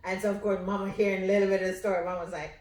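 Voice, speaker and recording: A woman's voice: mid-range voice, racing, echoey room. A woman, the host's mother, telling a family story in casual chat and acting out the quotes. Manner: animated storyteller, acts out quotes with laughter.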